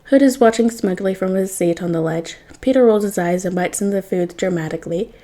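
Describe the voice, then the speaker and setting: A woman reads fan fiction aloud, narrating with a wry, expressive touch. Her voice is mellow and warm, with a middling pitch. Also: brisk. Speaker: podfic reader.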